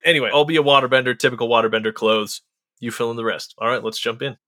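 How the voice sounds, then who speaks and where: Upbeat podcast host with a bright voice. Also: male voice, mid-range voice, fairly even intonation, quick pace. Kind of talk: casual podcast chat.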